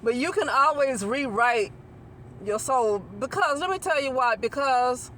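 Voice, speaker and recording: A woman's voice: sits high, lively intonation, a little slow, a bit bright, slight background noise. A woman hosting her own channel, talking through a casual spiritual monologue in a rambling way, often restarting and repeating phrases and asking "okay?" for agreement. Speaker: channel host.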